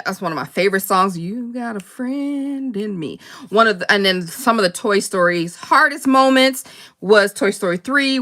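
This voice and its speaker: Bright-voiced chatty woman crafter. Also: medium pitch. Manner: chatty and rambling, laughs often, quick asides. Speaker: crafting channel host. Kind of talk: casual live crafting chat, reading viewer comments.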